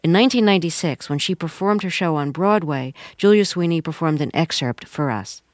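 Calm lower-voiced woman interviewer. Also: brisk, dry recording, studio quality. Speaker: radio interviewer. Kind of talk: radio interview.

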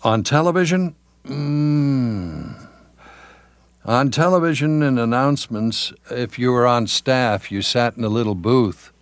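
A man's voice: mid-range voice, a little slow, no room sound. An older man, a veteran television announcer, reminiscing in an interview with many fillers and restarts.

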